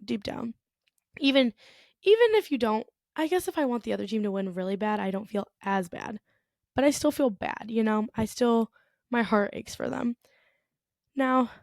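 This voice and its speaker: A woman's voice: a little high, gravelly, darkish tone, no room sound, clean studio sound. A young American woman hosting her own podcast, talking casually and chattily, full of "like" and "you know". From United States. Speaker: podcast host. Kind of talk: casual solo podcast monologue.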